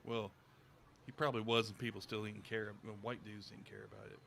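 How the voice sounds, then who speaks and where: A man hosting a casual podcast chat, talking in a profane, sarcastic and animated way. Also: fairly low pitch, fairly quick, vocal fry, slight background noise. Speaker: podcast host.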